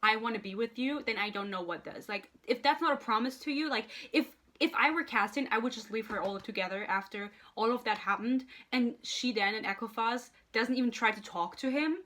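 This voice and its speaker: A woman's voice: a little high, fairly quick, few pauses, sharp tone. A young woman ranting heatedly about a book at home, swearing often and sounding fed up. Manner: heated, profane, exasperated ranting. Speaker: book reviewer. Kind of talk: casual ranting book review. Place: home room with a PC.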